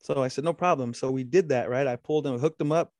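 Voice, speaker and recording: A man's voice: quick pace, darkish tone, no echo, clean studio sound. Man telling a story with profanity. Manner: rambling storytelling with frequent profanity and restarts; quotes the other man at length in a low voice. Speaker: storyteller in casual talk. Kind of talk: casual chat.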